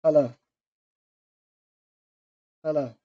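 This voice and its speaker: A man's voice: fairly high pitch, fairly even intonation, very slow. A man hosting a casual livestream, talking bluntly and cursing freely. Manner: blunt and profane. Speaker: livestream host. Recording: dull lo-fi stream audio.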